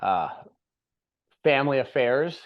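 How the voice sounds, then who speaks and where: A man's voice: medium pitch, expressive, takes it slowly. A young man hosting a podcast in casual chat, rambling and upbeat, laughing often. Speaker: podcast host. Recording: slightly dull lo-fi audio.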